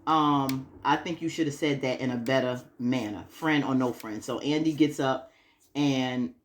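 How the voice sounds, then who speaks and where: A woman's voice: a bass voice, a little slow, slight background noise. Chatty woman recapping a TV episode. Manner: chatty, acts out characters' lines, frequent laughs. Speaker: TV recap vlogger.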